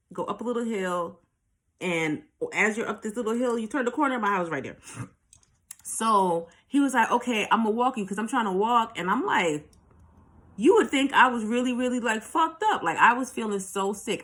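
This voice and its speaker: In a mid-range, fairly bright voice, a New York vlogger tells a story directly to her viewers. She's candid and profane, swearing a lot through the monologue.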